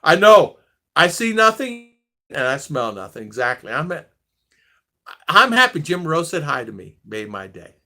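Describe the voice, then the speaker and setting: Speaking at a moderate pace, the sixty-something US vlogger uses a sing-song, mid-range voice with a bright, forceful tone. His casual stories ramble, and he keeps restarting or letting sentences fade out.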